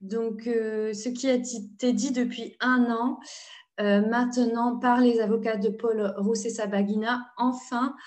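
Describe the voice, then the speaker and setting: A woman interpreting at a press conference, halting and hesitant as she relays a lawyer's remarks. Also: on the high side, fairly even intonation, darkish tone. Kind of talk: consecutive interpreting.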